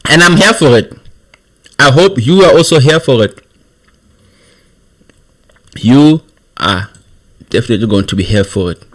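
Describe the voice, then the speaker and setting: A man's voice: mid-range voice, a bit bright. A man giving casual, amused political commentary to his viewers. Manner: chatty, amused, chuckles between points.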